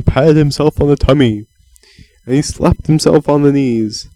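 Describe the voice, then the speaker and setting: A man's voice: a little high, a little slow, mellow, no echo, soft background music, rough recording. A man improvising a playful, meandering bedtime story for a child, with chants and sound effects.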